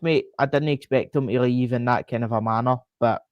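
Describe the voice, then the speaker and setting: A man with a Scottish accent in a casual podcast chat, animated and full of fillers like "uh" and "aye". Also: mid-range voice, brisk, no room sound, highs cut off. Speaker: podcast co-host.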